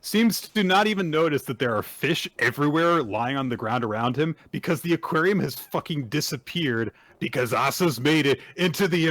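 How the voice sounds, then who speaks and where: A man's voice: a little high, a bit bright, no echo. A man hosting a casual podcast, recapping manga chapters at length and acting out the characters' lines. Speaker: podcast host.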